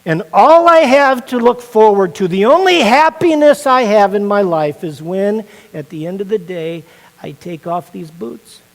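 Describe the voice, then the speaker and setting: A man voicing a weary, gloomy man who lists the miseries of his life in a low, glum, resigned tone. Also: expressive, unhurried, long reverb tail, a little hiss or hum, poor audio. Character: gloomy, weary middle-aged Russian man.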